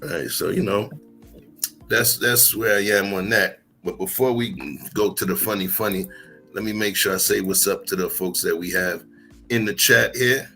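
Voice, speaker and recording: A man hosting a livestream, chatting casually and greeting his viewers by name in a relaxed way. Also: lowish voice, normal speed, soft background music. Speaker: livestream host. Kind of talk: casual chat.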